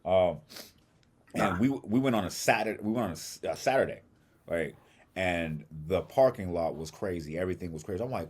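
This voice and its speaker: A man co-hosting a podcast, telling a long story in a casual, animated way and acting out other people's lines with plenty of swearing. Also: deep voice, fairly quick, slightly rough. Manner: animated storyteller, acts out quotes, swears freely. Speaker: podcast co-host.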